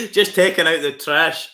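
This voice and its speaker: A man's voice: mid-range voice, pushed and bright. A man hosting a casual live stream, chatty and rambling with lots of fillers. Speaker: livestream host.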